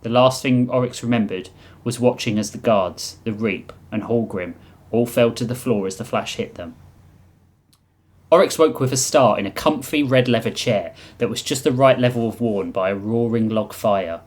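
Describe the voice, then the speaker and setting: A man's voice: medium pitch, normal speed. A man on a podcast reading his own comic sci-fi story aloud, often chuckling at his own lines.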